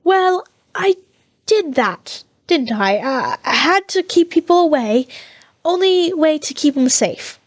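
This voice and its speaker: A woman voicing a shifty older male crook with an East End London accent, croaky and wheedling. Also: sits high, animated, slow pace, no room sound, pitched above the performer's own voice. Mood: wheedling nervous. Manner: wheedling, nervous, fumbling with fillers.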